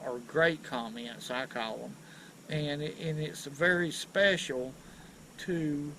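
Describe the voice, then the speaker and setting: A man hosting a casual fishing vlog from a boat on a river, folksy and excitable as he talks to viewers. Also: fairly high pitch, slight background noise, low-quality recording. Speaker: fishing channel host.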